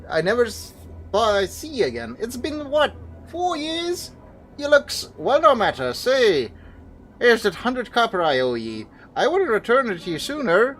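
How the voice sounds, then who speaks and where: A man's voice: very high-pitched, fairly bright tone, a little hiss or hum, voice pushed up, heavily acted. A man voicing a cheerful male acquaintance, chatty and friendly. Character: cheerful male old acquaintance repaying a debt.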